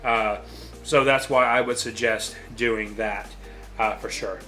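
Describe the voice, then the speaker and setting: Casting: chatty male vlogger, bright clear tone, mouth on fire from hot sauce, halting with ums. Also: fairly low pitch, fairly even intonation, faint music behind. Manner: nervous, chatty, frequent ums. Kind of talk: casual vlog chat.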